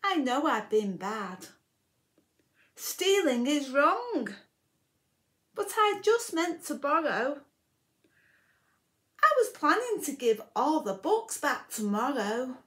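A sheepish, sniffly grown man who stole some books, as a woman puts him on while reading a storybook. He talks slowly and softly, and his voice sits high. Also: big pitch swings, heavily acted. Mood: sorry. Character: apologetic grown man book thief.

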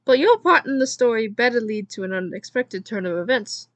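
Woman reading as a worn-out blunt young woman in a storybook, exasperated, breathy voice. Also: on the high side, animated, a little fast, a bit bright, no echo. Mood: weary.

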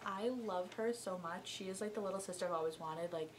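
A young woman chatting casually and excitedly while opening gifts, swinging between gushing and hushed talk. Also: fairly low pitch, fairly quick, slight background noise. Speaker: friend opening gifts on camera.

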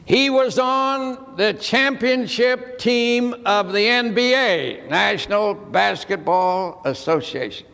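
Slow, gravelly preacher in an echoing hall. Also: male voice, sits high, expressive, fairly bright tone. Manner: folksy, dramatic pauses. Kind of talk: sermon storytelling. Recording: archival sermon with long hall reverb.

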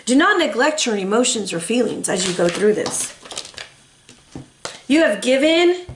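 A woman's voice: mid-range voice, animated, a little fast, a little hiss or hum. A woman in her thirties giving a casual, chatty tarot reading, emotional and full of rambling asides. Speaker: tarot reader. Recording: echoey room.

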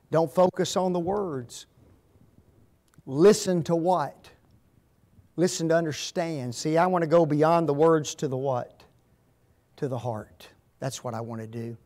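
A man's voice: on the high side, a little mellow. A man speaking as a guest at a marriage seminar, asking the audience to fill in the blanks. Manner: asks fill-in-the-blank questions.

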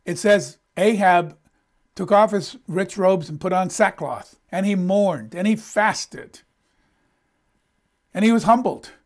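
A man's voice: sits high, slow pace. A middle-aged male pastor preaching a sermon in an emphatic, conversational way.

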